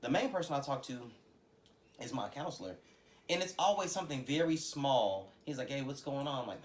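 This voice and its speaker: A man co-hosting a casual podcast, talking in slangy, animated style and acting out his friends' voices. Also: medium pitch, a little fast, slight background noise. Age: adult, has a son. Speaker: podcast co-host. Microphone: podcast microphone.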